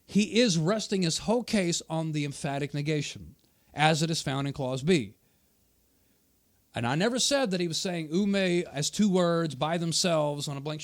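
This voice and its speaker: A man's voice: on the high side, normal speed. Combative man rebutting a debate. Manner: combative, rebutting quoted remarks with emphatic repetition. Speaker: channel host. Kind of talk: argumentative commentary on a debate video.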